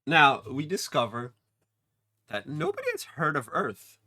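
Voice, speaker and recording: Reviewing a TV episode, a man gives a loose, unscripted recap, speaking slowly and rambling, often stopping to restart sentences with ums and uhs. His voice is a little high and bright, with a forward edge and huge pitch swings.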